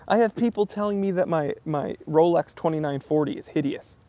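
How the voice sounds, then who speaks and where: A man's voice: a little high, fairly quick, few pauses. A young man hosting a livestream, ranting casually and mimicking commenters in mocking voices. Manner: animated, mocking impressions of commenters. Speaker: live stream host.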